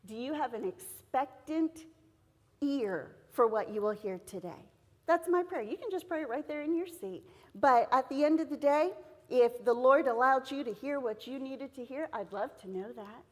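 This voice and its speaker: A woman's voice: high voice, animated, normal speed. A middle-aged woman giving an earnest, encouraging devotional talk to teachers at a seminar, telling a personal story. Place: church hall. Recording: long hall reverb in a church.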